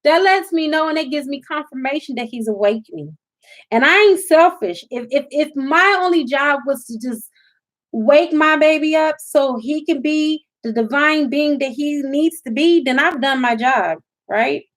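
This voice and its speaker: Woman w/ doing a spiritual reading, emphatic, preachy, kinda high voice. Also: animated, normal speed. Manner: emphatic, preachy, addresses viewers as y'all. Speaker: spiritual reader.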